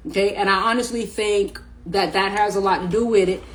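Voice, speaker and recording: Speaking fairly quickly in a steady, mid-range voice, a middle-aged spiritual vlogger talks to camera about spiritual awareness. Her delivery is casual, slangy and rambling, with frequent repetition, and the audio quality is poor.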